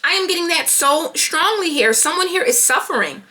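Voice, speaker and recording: Woman, tarot reader, animated, thinking aloud, high voice, bright tone. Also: moderate pace. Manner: animated, talking to herself while pulling cards. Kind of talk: tarot card reading.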